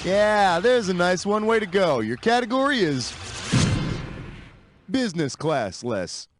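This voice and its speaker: A snarky, lively quiz host. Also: male voice, high voice, measured pace, over music. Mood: wisecracking. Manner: sarcastic, teasing, punchy comic delivery. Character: wisecracking, snarky adult male quiz show host. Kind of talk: scripted game show hosting.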